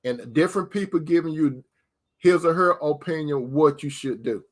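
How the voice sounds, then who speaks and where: A man's voice: fairly high pitch, normal speed. A man giving preacher-style relationship advice, asking rhetorical questions and calling listeners sister. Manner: addresses listeners as sister, repeats key phrases.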